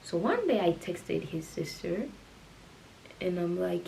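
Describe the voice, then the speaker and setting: A young woman tells her story in a casual vlog, chatty and animated. She often drops her voice to a hushed whisper. A light hiss sits under the recording. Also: on the low side, unhurried, vocal fry, pauses often, poor audio. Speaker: vlogger.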